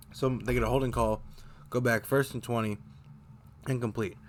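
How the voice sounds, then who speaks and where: A man's voice: mid-range voice, steady tone, a little slow, slight background noise. A man hosting a casual fan recap of a football game, rambling and correcting himself as he goes, getting heated over bad plays. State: choking up, briefly coughing. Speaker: fan show host.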